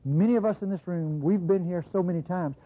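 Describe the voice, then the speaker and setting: A preacher delivering a sermon, talking straight to the congregation and swinging from low, close asides to sudden high bursts. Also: quick pace. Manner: addresses the congregation directly with call-outs. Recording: tinny lo-fi sermon recording.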